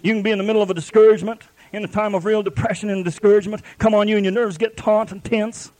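A man's voice: high voice, steady tone, racing, warm tone. A man preaching a sermon at a live church service, fervent and repetitive, with folksy grammar.

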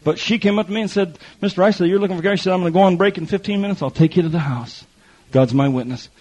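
A middle-aged man preaches a folksy testimony sermon, voicing the other people in his stories. His voice sits high and a little mellow, and he talks very fast, leaning on quoted voices and repetition. The recording is muffled and lo-fi.

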